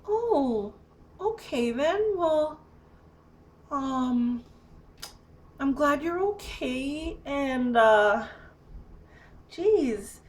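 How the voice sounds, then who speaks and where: A man's voice: extremely high pitch, expressive, voice pushed up, full character voice. A woman doing a hesitant, awkward neighbor man. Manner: hesitant, halting with fillers. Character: awkward polite male neighbor, unsure and hesitant.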